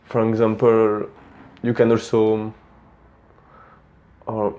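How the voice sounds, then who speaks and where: A young man with a French accent giving casual speaking tips, plain-spoken and relaxed, often restarting words. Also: fairly low pitch, a little slow, lo-fi sound. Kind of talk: casual instructional talk.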